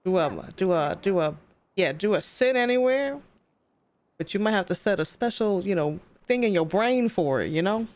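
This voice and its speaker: A woman's voice: fairly low pitch, animated, a little fast, few pauses, a little mellow. A young woman streaming a role-play game, chatting loosely and giggling, with the odd swear word. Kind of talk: casual gaming chat.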